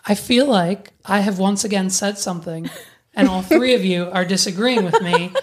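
A woman's voice: mid-range voice, normal speed, a little hiss or hum. Chatty woman telling a podcast story. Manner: chatty storyteller, swears freely. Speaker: podcast host. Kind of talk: casual podcast chat.

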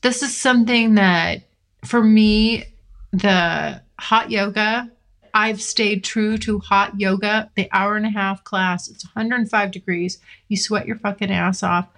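A steady, creaky, fairly bright mid-range voice, taking things slowly, belongs to a podcast host in California. Filmed as she records, she vents candidly with lots of swearing and some laughs.

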